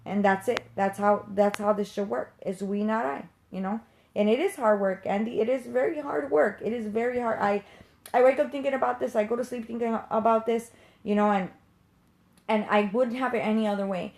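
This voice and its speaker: A woman's voice: fairly high pitch, fairly even intonation, brisk, vocal fry, darkish tone. A woman who works as a medium and teaches others, ranting to viewers in an unscripted live stream, passionate, blunt and emphatic, with casual swearing.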